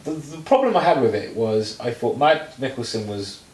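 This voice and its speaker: A man co-hosting a casual chat, rambling through films with lots of fillers and restarts, turning animated when he mocks something. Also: medium pitch, normal speed, echoey room, far from the mic, low-quality recording. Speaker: podcast co-host.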